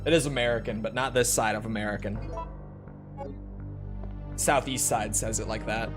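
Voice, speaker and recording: A man's voice: fairly low pitch, steady tone, normal speed, over music. A man streaming a game, chatting casually and laid-back with viewers. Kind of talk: casual chat while playing a game.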